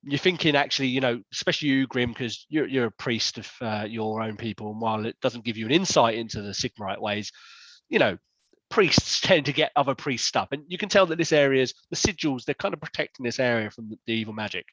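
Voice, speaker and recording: A man's voice: mid-range voice, lively intonation, a little fast, fairly bright tone, no echo, lo-fi sound. A man narrating a tabletop game as game master, often rambling and correcting himself. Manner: rambling, self-correcting description.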